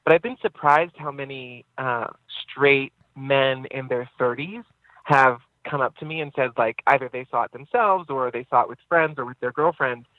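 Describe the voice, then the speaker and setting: A man's voice: mid-range voice, normal speed, no room sound. Man, actor guest, rambling casual chat, fillers, tinny phone-like line, dry sound. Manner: relaxed, rambling, frequent fillers and laughs.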